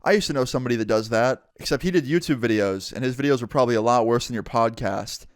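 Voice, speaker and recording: A man's voice: medium pitch, fast talker, dry recording, studio quality, close to an everyday voice. A man voicing a chatty, friendly young woman who works as a massage therapist, in a casual retelling.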